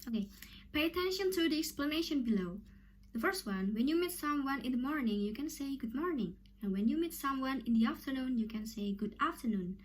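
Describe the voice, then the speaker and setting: A young Indonesian woman with an Indonesian accent, teaching a basic English lesson in a slow, careful way with frequent fillers. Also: sits high, expressive, a little hiss or hum. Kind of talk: classroom lesson narration.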